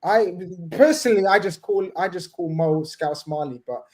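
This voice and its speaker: A man hosting a casual fan panel over a video call, playful and excitable with jokey banter. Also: sits high, moderate pace. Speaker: podcast host.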